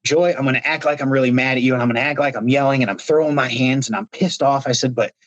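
A man's voice: mid-range voice, steady tone, quick pace, no echo, muffled recording. A man from Ohio, a reality show contestant, telling stories in a casual interview over a video call while gesturing with his hands. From Ohio, United States.

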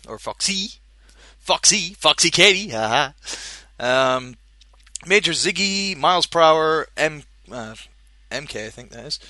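A man's voice: a little high, pushed and bright, no echo, clean studio sound. A man hosting a podcast, chatting casually and jokily, rambling with many fillers. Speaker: podcast host. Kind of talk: casual chat.

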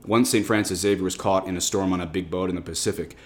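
A man's voice: low-pitched, fairly even intonation, quick pace. A man, a Catholic priest, preaching a sermon with emphatic lifts on key words.

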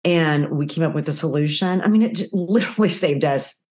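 A woman in her fifties, a guest in an interview, telling a story with animated acted-out quotes. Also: sits low, a little fast.

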